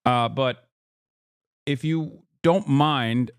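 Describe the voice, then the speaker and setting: A man hosts a live stream in a loose, rambling way, full of "uh"s and restarts. His voice is smooth and resonant at a middle pitch. It is recorded dry and close, with no room sound. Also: very slow, dry recording. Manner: rambling, many fillers and restarts. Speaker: streamer host. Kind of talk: casual live-stream interview.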